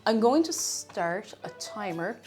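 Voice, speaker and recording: A woman's voice: mid-range voice, sing-song, slow, a little mellow, faint music behind. An Irish woman streaming casually while she cooks, chatty and a bit scatterbrained, humming little tunes between thoughts. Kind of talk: casual live-stream chat while cooking.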